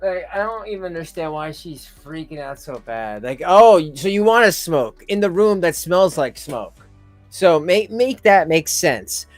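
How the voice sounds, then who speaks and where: A man's voice: fairly high pitch, animated, unhurried, no room sound, soft background music. A middle-aged man giving blunt, sarcastic, exasperated reaction commentary as a channel host.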